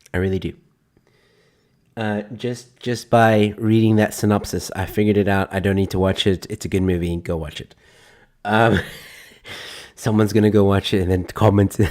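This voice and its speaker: Man, low-pitched voice, live-stream host, casual, rambling, sarcastic jokes. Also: steady tone, a little slow, pauses often. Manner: rambling, jokey and sarcastic, reading film synopses aloud.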